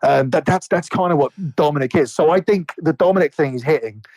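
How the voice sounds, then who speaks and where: A man's voice: on the high side, fairly quick, darkish tone, dry recording, low-quality recording. Profane, rambling man. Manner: rambling, heavy swearing, many restarts. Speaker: podcast co-host. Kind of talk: casual wrestling chat.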